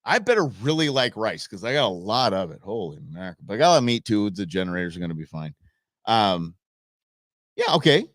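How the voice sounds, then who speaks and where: A man from Southern California hosting a live show in casual chat, rambling and animated with folksy asides to his viewers. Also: fairly low pitch, brisk, dry recording, clean studio sound.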